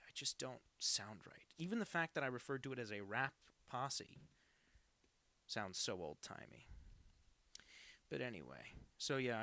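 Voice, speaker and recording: A man's voice: mid-range voice, gravelly, sharp tone, dry recording. An American man in his twenties, a cartoonist chatting casually on a live stream while drawing, rambling and self-deprecating. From United States.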